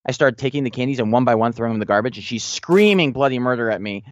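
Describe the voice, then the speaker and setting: A man's voice: medium pitch, rapid-fire, dry recording, highs cut off. A man in his thirties, a podcast co-host, chatting casually and telling rambling parenting stories with many restarts. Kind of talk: casual chat.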